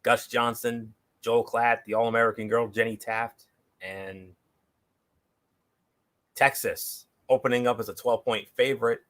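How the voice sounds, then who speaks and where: A man with a mid-range, ordinary voice hosts a football picks show. He walks through each matchup in a plain, steady way, dropping in the occasional filler. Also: mid-range voice, measured pace, pauses often. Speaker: show host. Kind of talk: casual sports picks chat.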